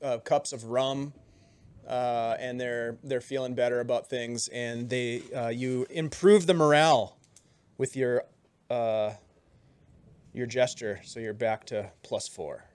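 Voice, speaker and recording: A man narrating as game master in a relaxed, loose way. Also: mid-range voice, slow pace, clean tone. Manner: relaxed, loose, lots of ums and restarts, chuckles.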